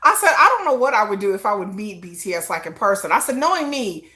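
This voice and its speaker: Hosting a laid-back livestream, this woman talks quickly in a medium-pitched voice, spinning lively stories with acted-out quotes and frequent laughter. She describes herself as a shy introvert.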